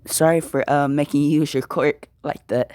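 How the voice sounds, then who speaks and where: A man's voice: on the high side, steady tone, moderate pace, darkish tone, smooth, dry recording, studio quality, close to an everyday voice. A man doing a cocky teenage boy hero. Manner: laid-back, cocky.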